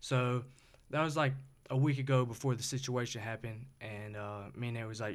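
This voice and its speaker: A young man with a Southern US accent, telling a long story in a relaxed, rambling, slangy way on a podcast. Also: medium pitch, moderate pace. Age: young adult. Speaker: podcast guest, store co-owner. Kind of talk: casual storytelling chat.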